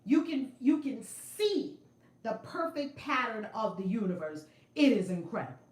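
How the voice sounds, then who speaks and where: A middle-aged woman telling a story on a casual livestream from a room at home, animated and emphatic, repeating her phrases. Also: a little high, normal speed, echoey room. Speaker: spiritual vlogger. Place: home room with altar and shelves. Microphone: phone camera.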